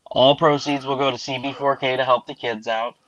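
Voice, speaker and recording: A man hosting a casual panel show, telling profane stories and acting out prank calls in an animated way. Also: mid-range voice, brisk, no echo, lo-fi sound. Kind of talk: casual banter and charity auction.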